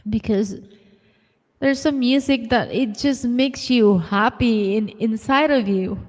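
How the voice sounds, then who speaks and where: A woman's voice: on the high side, slow pace, pauses often, big-room sound. A woman chatting on a live stream, emotional and close to tears, laughing through her words. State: tearful, close to crying. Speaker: singer and live-stream co-host. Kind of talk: casual live-stream chat.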